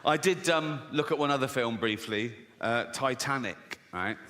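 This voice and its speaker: A man's voice: medium pitch, moderate pace. A man performing live stand-up comedy, swearing freely and often laughing at his own jokes. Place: large live venue with audience. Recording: loud audience in echoing venue.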